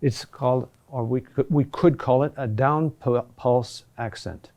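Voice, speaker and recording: A man teaching a recorded lesson on chant rhythm, talking deliberately with pauses and "huh?" checks. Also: mid-range voice, a little mellow.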